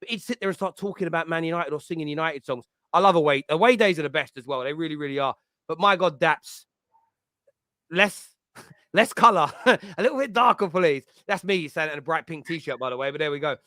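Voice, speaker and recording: Lively male host, bright punchy tone, dry close sound, loves a laugh. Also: on the high side, quick pace, no echo. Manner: animated, laughing storyteller. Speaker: podcast host. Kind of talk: casual chat.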